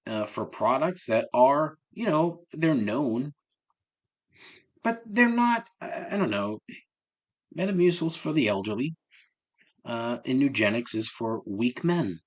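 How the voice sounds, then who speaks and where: Man, podcast host, sarcastic, profane rant, swooping animated pitch. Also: slow pace, long pauses.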